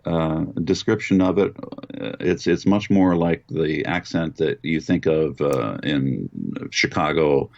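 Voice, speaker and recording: A very deep, low-voiced older man from Western Pennsylvania, thinking back over his voice work in an unhurried way, stopping often on small fillers. The sound is dry and a little dull, like a lo-fi remote line. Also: gravelly, darkish tone, no echo. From Western Pennsylvania, United States. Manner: thoughtful, reminiscing, hesitant fillers. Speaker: voice actor, interview guest. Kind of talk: relaxed interview answers.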